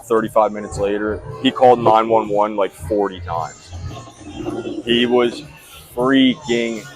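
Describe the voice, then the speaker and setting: A man's voice: fairly low pitch, fairly even intonation, unhurried, soft background music, rough recording. Rambling, profane young guy telling a story. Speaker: podcast host. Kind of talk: casual storytelling chat.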